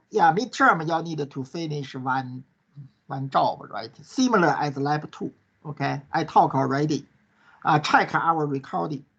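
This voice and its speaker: A man's voice: a little high, vocal fry, fairly bright tone, breathy edge. A male course instructor answering questions in an online class, in non-native English that tags most sentences with "right?" and "okay?". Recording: dull lo-fi online class recording.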